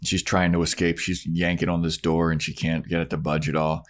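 Low voiced guy chatting easy, retelling scenes and swearing. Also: level tone, a little fast. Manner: storytelling, laid-back, swears, acts out lines. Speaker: podcast co-host. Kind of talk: casual chat recapping a show.

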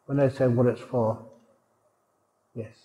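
Male monk, humorous sermon, unhurried, chuckling, roomy hall echo. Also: medium pitch, steady tone, mellow, muffled recording. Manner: jokey, chuckling, asks the audience questions. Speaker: monk teacher.

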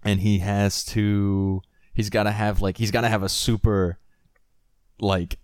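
A man's voice: lowish voice, flat delivery, measured pace, darkish tone, clear, resonant tone, dry recording, clean studio sound. A young man co-hosting a podcast, rambling and joking, laughing and swearing freely in casual chat. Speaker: podcast co-host.

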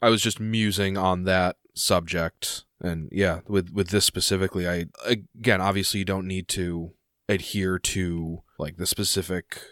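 Low-voiced male game master, musing and halting, dry close sound. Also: steady tone, a bit bright, no echo. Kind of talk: casual chat.

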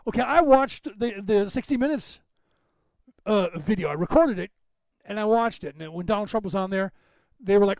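Guy with a high voice doing a rambling podcast rant, dry close sound. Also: lively intonation, fairly quick, vocal fry, no room sound. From Northern California. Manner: rambling, emphatic, addresses listeners by name. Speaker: podcast host. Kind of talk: casual monologue to listeners.

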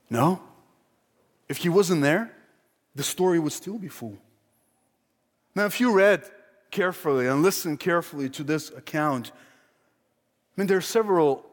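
A man preaching a sermon with passion, pressing rhetorical questions and repeating his points, swinging between hushed and loud emphatic delivery in a church sanctuary. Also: fairly high pitch. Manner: impassioned, with rhetorical questions and repetition. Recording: long reverb of a large hall.

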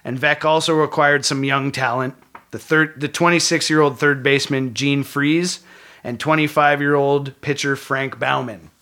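A man's voice: mid-range voice, fairly even intonation, moderate pace, bright, forceful tone. A man co-hosting a casual talk podcast, reading history notes aloud with small slips and joking asides. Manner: reads from notes with small slips, jokes with co-host. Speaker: podcast co-host.

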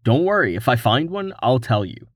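A man's voice: mid-range voice, very animated, normal speed, no echo, clean studio sound. A man voicing a tired, patient young male adventurer in a storybook. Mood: weary.

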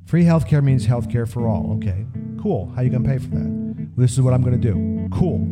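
A man's voice: medium pitch, lively intonation, normal speed. A man in casual political chat, emphatic and often repeating himself as he presses a point. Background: loud guitar music.

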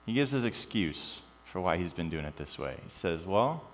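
A man preaching a sermon in a reverberant church hall, his lowish voice rising animated and falling to quiet emphasis. A faint mains hum sits under the long reverb. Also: normal speed. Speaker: pastor.

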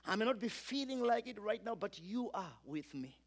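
A man delivers a sermon in a high voice. He preaches with emphasis, stacking repeated phrases and swinging between loud and quiet passages as he leads his listeners. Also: big pitch swings, normal speed. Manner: emphatic, repetitive build-ups, urges congregation to repeat.

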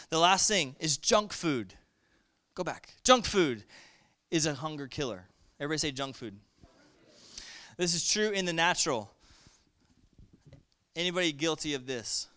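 A man preaching a sermon with lively energy, calling on the congregation to respond. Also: a little high, normal speed, long pauses.

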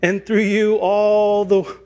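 A grand, booming male deity proclaims promises in a lofty put-on accent, as a preacher acts it out mid-sermon. The voice sits high and rings out loud and slow. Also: level tone. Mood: proclaiming.

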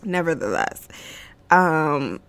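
A woman's voice: low voice, very animated, takes it slowly, a bit bright, no echo. A woman hosting her own podcast, chatting casually on her own while tearful and laughing between words, with many fillers. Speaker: podcast host. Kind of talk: casual solo chat.

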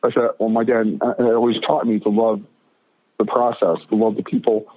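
A middle-aged guest with a lowish voice, speaking at normal speed, rambles through a long casual story, stammering through restarts and animatedly acting out what people said. He comes over a thin, tinny phone line with a dry, close sound.

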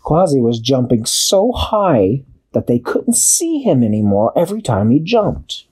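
A man narrating an improvised children's story in an expressive, drawn-out storytelling manner. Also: mid-range voice, husky. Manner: expressive, drawn-out storytelling with sound-effect pauses.

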